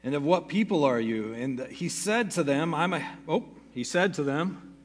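A man, a pastor, reads a Bible passage aloud to his congregation at a steady pace, with brief casual asides and quick self-corrections. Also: on the high side, in a large hall. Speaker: pastor teaching a Bible study. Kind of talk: reading scripture aloud to a congregation.

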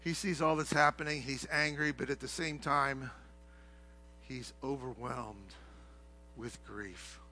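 A middle-aged man preaching a sermon, swinging from hushed, low passages to shouted, heated ones. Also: steady tone, slow, pauses often, a little hiss or hum. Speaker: pastor.

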